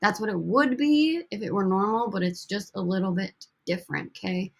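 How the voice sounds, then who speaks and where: A woman's voice: medium pitch, fairly quick. A woman teaching a recorded language lesson over slides, upbeat and coaxing as she drills students with prompts. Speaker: Spanish teacher.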